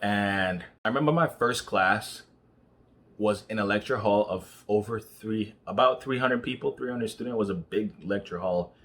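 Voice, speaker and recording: A man's voice: on the low side, normal speed, fairly bright tone. A young man from Nigeria talking casually about student life, with lots of "you know" fillers. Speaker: vlogger. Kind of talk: casual monologue.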